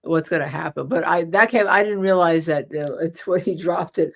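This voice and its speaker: A woman's voice: lowish voice, moderate pace, vocal fry. A woman trial lawyer with a New Jersey accent, co-hosting a casual legal commentary show, chatty with many fillers and restarts.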